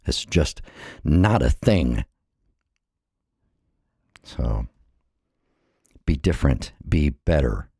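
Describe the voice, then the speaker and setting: Middle-aged American man, very low gravelly voice, husky, slightly winded, earnest vlog monologue, dry close sound. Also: very animated, drawn-out words, long pauses, darkish tone, dry recording. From United States. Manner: earnest, impassioned, repeats phrases. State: a little out of breath. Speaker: vlogger. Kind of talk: personal monologue.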